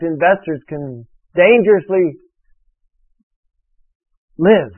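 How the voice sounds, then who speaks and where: A man preaching a sermon, emphatic and repetitive as he drills a point home to his congregation. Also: fairly high pitch. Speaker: pastor. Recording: phone-like radio broadcast.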